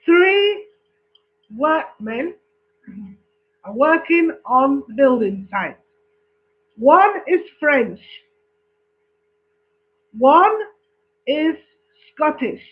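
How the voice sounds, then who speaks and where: High-voiced English woman telling jokes. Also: sing-song, drawn-out words, long pauses, lo-fi sound. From England. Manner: chatty, checks in with listener, laughs at own jokes. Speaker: joke teller. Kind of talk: casual joke telling.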